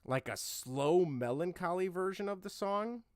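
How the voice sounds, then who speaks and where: Lively, higher-pitched male podcast co-host. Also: a little slow, dry recording. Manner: lively, questioning, agreeable. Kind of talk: casual chat.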